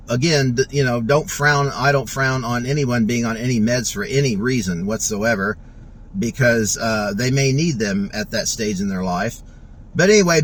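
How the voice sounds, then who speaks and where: A man giving an emotional personal testimonial, rambling and halting with many restarts and fillers, choked up and close to tears, recorded in a vehicle. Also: medium pitch, a bit bright, low-quality recording.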